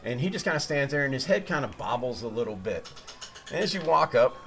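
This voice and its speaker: A man narrating a tabletop game as game master, at an ordinary middle pitch. He talks loosely and rambles, filling gaps with "um" and "uh" as he sets the scene. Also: very animated, brisk, gravelly, a bit bright. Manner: rambling, loose, with many fillers.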